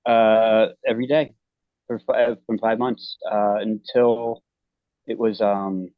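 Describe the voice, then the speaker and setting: A man as an interview guest, telling a personal story in a halting, earnest way with many restarts. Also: on the low side, little pitch movement, no echo, lo-fi sound.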